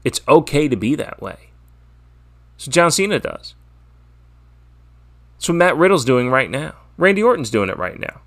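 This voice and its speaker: A man's voice: fairly high pitch, very animated, normal speed, pauses often, fairly bright tone. A man hosting his own wrestling podcast, talking casually and with strong opinions, swearing often and rambling with restarts. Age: adult, father. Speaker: podcast host. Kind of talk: casual solo wrestling preview.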